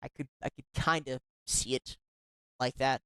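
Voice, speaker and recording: A sarcastic, indignant host talks through a commentary segment, reacting to emails they read aloud. The voice sits at a middling pitch and often stumbles and restarts mid-sentence. It is recorded dry and close, with no room sound at all. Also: steady tone, unhurried, fairly bright tone, smooth, no echo.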